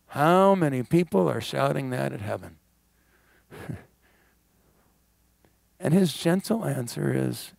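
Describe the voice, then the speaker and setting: A middle-aged man preaching a sermon in church, animated with wry asides and quick laughs. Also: medium pitch, vocal fry, dry recording. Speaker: guest pastor. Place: church sanctuary.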